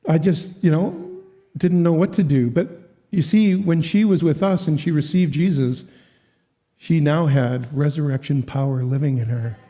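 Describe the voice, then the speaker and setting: A man preaching as a guest speaker at a church, telling a story with lively quoted voices and frequent laughs. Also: fairly high pitch. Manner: animated, acts out quoted voices, laughs often. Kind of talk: storytelling sermon.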